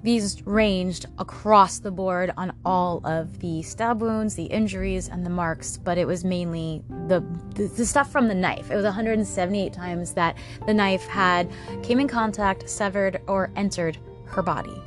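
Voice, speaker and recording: Female true crime podcast host, mid-pitched, chatty narration with snarky asides, faint music underneath. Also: measured pace. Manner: conversational, with sarcastic asides.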